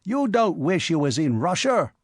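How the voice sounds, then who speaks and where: A man's voice: fairly high pitch, very animated, moderate pace, dry recording, voice pushed up. Man playing a quarrelsome cabman, blunt, raised voice, dry recording. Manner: blunt, challenging. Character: rough working male cabman, quarrelsome.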